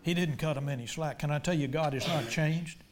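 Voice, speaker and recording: Impassioned high-voiced male preacher. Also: fairly quick. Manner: impassioned, swings between loud emphatic lines and quiet low ones. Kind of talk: sermon.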